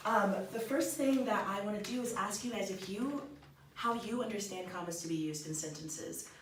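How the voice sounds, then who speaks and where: An upbeat young woman leads a small classroom grammar lesson, encouraging her students as she works through examples. She is picked up from a distance in an echoing room. A faint hiss sits under her voice. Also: lowish voice. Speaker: student teacher leading a small group. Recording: roomy echo, mic far off, faint hiss.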